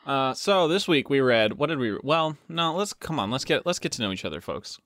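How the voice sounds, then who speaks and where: A young man co-hosting a podcast in casual comedic chat, quick with jokes. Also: mid-range voice, sing-song, a bit bright, no room sound, clean studio sound. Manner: joking, quick with riffs. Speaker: podcast co-host.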